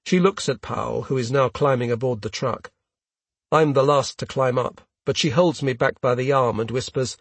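A man reading a first-person story aloud in a measured, steady way. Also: medium pitch, breathy edge, dry recording. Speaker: audiobook narrator. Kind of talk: scripted first-person narration.

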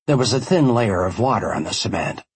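A man narrates a first-person audiobook in a wry, conversational way. His voice is low and husky, and his pitch rises and falls freely. The recording is dry and close. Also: very animated, a little fast, no echo.

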